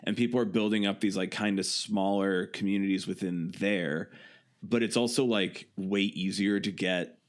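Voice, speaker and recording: A man's voice: low-pitched, fairly even intonation, normal speed. A young man from the Chicago suburbs talking in a casual podcast chat, rambling and joking with lots of fillers. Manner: rambling, filler-heavy, jokey storytelling. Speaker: guest musician.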